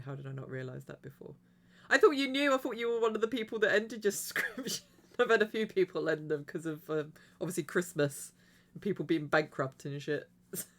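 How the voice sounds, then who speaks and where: A woman livestreaming a video game, chatting casually to her viewers in a rambling way and giggling often. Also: sits low. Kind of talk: casual chat while streaming a game.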